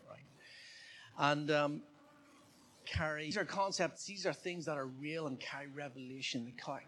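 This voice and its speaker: A pastor preaching a sermon in a fairly high voice. He keeps a chatty, conversational tone and often asks the congregation questions, over a faint hiss in the background. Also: fairly bright tone. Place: church.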